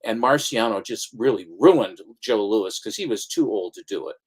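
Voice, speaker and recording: A man's voice: on the low side, expressive, normal speed, breathy edge. A man hosting a casual chat about comics, rambling through stories with many restarts and asides. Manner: rambling storyteller, restarts, slips into comic voices. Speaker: comic shop owner and channel host.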